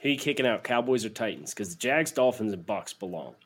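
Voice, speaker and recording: A man's voice: lowish voice, very animated, fairly quick, a little hiss or hum. A man co-hosting a casual sports podcast, reading listener takes and teasing his co-host.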